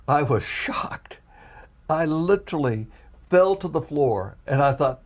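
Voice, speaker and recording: A man giving an earnest, emotional personal testimony. He is a guest, and at times his telling rises into loud, high pleading. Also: expressive, normal speed, husky.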